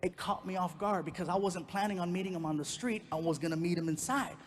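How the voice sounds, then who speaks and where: A man doing stand-up, telling a personal story and acting out the people in it with lively energy. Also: high-pitched, fast talker, in a large hall, slight background noise. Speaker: stand-up comedian. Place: comedy stage before a live audience.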